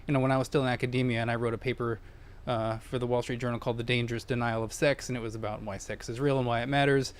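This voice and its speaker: A male guest speaks at a middle pitch in a podcast studio. He was once an academic, and he lays out his argument in a measured, explanatory way. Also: flat delivery. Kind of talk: panel discussion.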